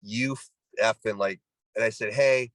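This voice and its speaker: Animated middle-aged Canadian man telling a story. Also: on the low side, a little slow, no echo, poor audio. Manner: animated, acts out quoted voices, many restarts. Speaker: guest, former pro baseball player. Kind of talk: storytelling in a casual interview.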